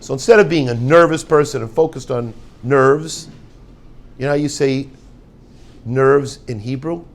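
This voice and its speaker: A man's voice: medium pitch, a little slow. A man, a rabbi heading a yeshiva, giving an informal talk with rambling jokes and Yiddish words.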